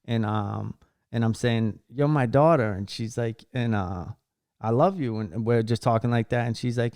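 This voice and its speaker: A man's voice: medium pitch, fairly even intonation, unhurried, a little mellow, smooth, no room sound, clean studio sound. A man hosting a casual podcast, telling a heartfelt story in a rambling way, cursing casually and restarting his sentences often. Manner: many fillers and restarts while storytelling. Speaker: podcast host.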